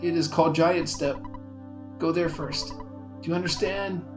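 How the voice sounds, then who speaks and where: A man's voice: on the high side, fairly even intonation, normal speed, over music, lightly acted. A man voicing a dying alien bee from the future in a game, speaking weakly and solemnly. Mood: solemn, fading. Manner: weak, fading, solemn.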